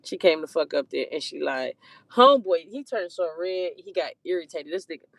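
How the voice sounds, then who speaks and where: A woman's voice: fairly low pitch, lively intonation, a little fast, vocal fry, dry recording. A woman telling a story in a casual, profane rant, swearing heavily and laughing between heated lines.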